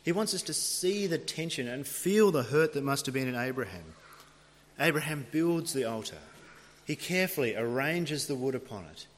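A man's voice: mid-range voice, expressive, moderate pace. A man preaching a sermon, retelling a scripture story in a dramatic storytelling manner. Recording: long reverb of a large hall.

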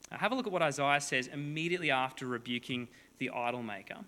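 A man's voice: medium pitch, expressive, fast, few pauses, sharp tone. A man preaching a sermon to a congregation, reading scripture and explaining it with playful, joking asides. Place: large hall before a congregation. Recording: long hall reverb.

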